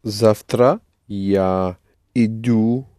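A man practicing Russian as a student, halting through each answer at a very slow pace. His voice is low and mellow, recorded dry. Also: no room sound. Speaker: language student. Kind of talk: lesson practice.

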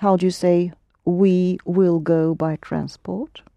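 A woman leads a language lesson, coaxing answers from students and repeating each phrase slowly. Her voice is mellow and close, with no room sound around it. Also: lowish voice, fairly even intonation, vocal fry, no room sound. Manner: patient, prompting and correcting, slows for Russian words. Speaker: Russian language teacher.

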